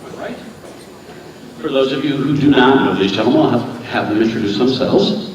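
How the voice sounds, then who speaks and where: A man of medium pitch and moderate pace performs as a stage magician, chatting and joking with volunteers before a live audience. The muffled recording sounds echoey, taken from far off in a theater hall, with audience noise.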